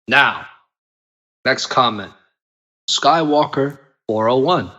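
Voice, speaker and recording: A man's voice: medium pitch, lively intonation, slow. Laid-back male co-host on lo-fi audio. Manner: laid-back, hypes people with shout-outs. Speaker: co-host reading comments. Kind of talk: casual podcast chat. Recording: dull lo-fi audio.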